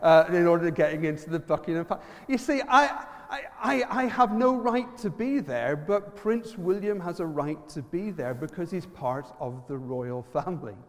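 A man with an Irish accent preaching a lively sermon, quizzing the congregation and using props. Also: on the high side, moderate pace, hardly any pauses, big-room sound.

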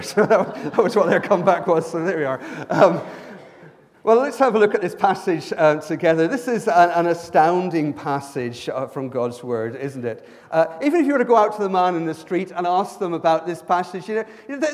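A man's voice: on the high side, lively intonation, fairly quick, long reverb tail. A man brought up in Ireland, preaching a sermon as a pastor in a conversational way, with joking asides and repeated words as he starts his sentences. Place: church hall.

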